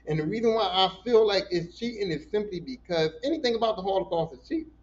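A man's voice: high-pitched, very animated, fast, hardly any pauses. A man hosting a podcast in a casual monologue, talking bluntly and profanely, with many repeated words. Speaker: podcast host. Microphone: voice message. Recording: dull lo-fi podcast audio.

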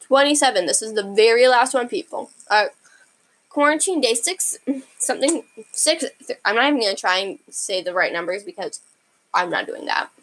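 A woman's voice: fairly high pitch, lively intonation, moderate pace, fairly bright tone, poor audio. A young woman casually reading funny pet tweets aloud, giggling often and stumbling over words. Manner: giggly, chatty, many fillers and restarts.

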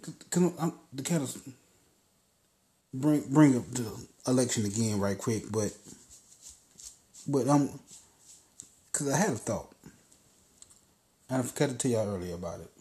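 A man's voice: mid-range voice, animated, measured pace, long pauses, dark tone. A man hosting a podcast, telling a story in a loose, casual monologue and swearing freely. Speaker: podcast host. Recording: roomy echo.

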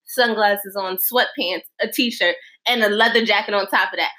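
A woman from New York with a New York accent, co-hosting a casual chat and telling stories in a blunt, profane, animated way. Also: medium pitch, normal speed. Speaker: podcast co-host.

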